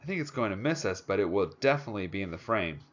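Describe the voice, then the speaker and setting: A man voicing an eager adult male sound technician who talks excitedly. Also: lowish voice, rapid-fire, dull audio, natural voice.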